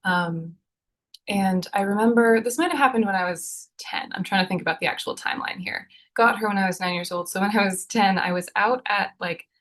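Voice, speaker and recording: A young woman talks through a personal memory on a podcast, earnest and easygoing, filling pauses with "um" and "like". Her voice sits at a middling pitch for a woman, and she now and then breaks into a light laugh. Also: a bit bright. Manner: earnest, chatty, frequent fillers and laughs. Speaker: podcast co-host. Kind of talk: casual conversational storytelling.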